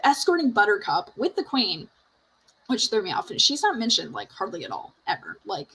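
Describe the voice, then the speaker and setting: A woman's voice: mid-range voice, very animated, brisk, a bit bright, slight background noise, low-quality recording. A woman hosting a casual chat show, retelling movie scenes with lots of fillers. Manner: chatty, laughs easily. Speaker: podcast host.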